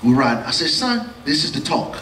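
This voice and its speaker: Animated male comedian on a roomy stage. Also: normal speed, distant mic, slight background noise. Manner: animated storytelling, acting out his son in a high voice. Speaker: stand-up comedian. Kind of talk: stand-up comedy set. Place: live theater stage with audience. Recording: roomy live stage sound from off mic with loud crowd. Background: audience laughter.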